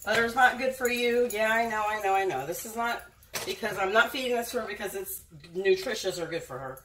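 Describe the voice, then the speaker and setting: A woman's voice: mid-range voice, brisk, fairly bright tone, a little hiss or hum. A woman filming a casual cooking vlog in her home kitchen, chatting to viewers and doting on her dog. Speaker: dog owner vlogger.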